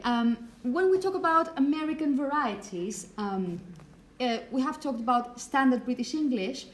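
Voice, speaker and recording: A woman teacher giving a relaxed, hesitant lecture with frequent check-ins, whose first language is Spanish. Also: on the high side, poor audio. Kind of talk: recorded lecture.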